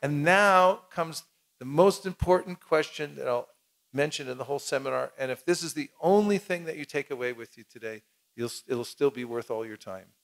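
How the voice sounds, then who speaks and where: Male seminar leader, slightly high voice, lively, acts out exchanges, coaxes the audience to repeat. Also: normal speed, vocal fry. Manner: animated, acts out little dialogues, leads the crowd in repeating. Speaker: seminar teacher. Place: cultural center hall with audience.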